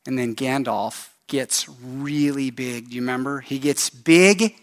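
A man's voice: mid-range voice, measured pace. A male pastor preaching a sermon in an earnest, emphatic storytelling style with pleading appeals.

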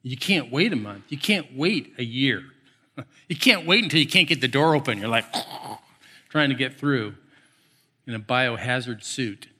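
A middle-aged male pastor preaching a sermon, telling animated stories with playful asides. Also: medium pitch, measured pace, slightly rough.

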